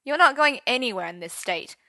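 A woman voicing a flustered young man who stammers and yelps in a high, loud voice. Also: lively intonation, a little fast, dry recording, clean studio sound, heavily acted. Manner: stammering, yelping. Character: flustered young man, shrill when shocked.

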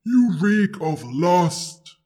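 Ancient possessive dragon for an audio story, slow booming delivery, played by a woman. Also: sing-song, warm tone, breathy edge, heavily acted. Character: huge scornful possessive dragon, ancient and proud.

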